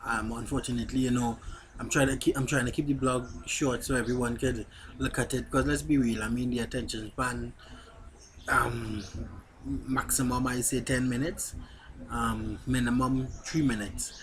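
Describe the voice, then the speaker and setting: A man's voice: medium pitch, fairly even intonation, moderate pace, a bit bright. A man vlogging in a blunt, candid way, speaking straight to his viewers. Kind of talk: casual talk to camera.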